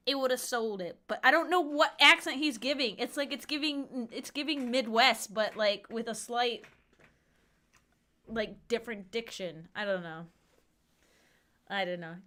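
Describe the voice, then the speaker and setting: A woman's voice: on the high side, a little slow, pushed and bright. A woman in her thirties streaming a game, chatting casually and rambling playfully. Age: 30s. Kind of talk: casual livestream chat.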